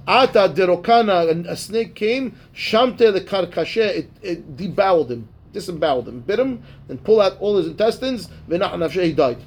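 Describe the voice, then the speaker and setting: Casual male Talmud teacher with a high voice who reads the Aramaic text and then explains it in plain English. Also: expressive, moderate pace, hardly any pauses, breathy edge. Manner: casual, checks in with "right?" and "okay". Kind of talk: Talmud class, reading and translating.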